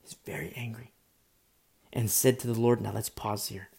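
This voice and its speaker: Mellow-voiced man preaching with passion. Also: fairly low pitch, steady tone, moderate pace, creaky. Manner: impassioned, repetitive, with many restarts and asides. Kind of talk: sermon.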